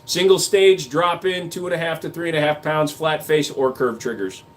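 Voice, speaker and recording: A man's voice: on the high side, normal speed, a little hiss or hum. Man joking crudely on a livestream. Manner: crude joking banter, reads comments aloud. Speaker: livestream host reading chat. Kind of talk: casual livestream chat.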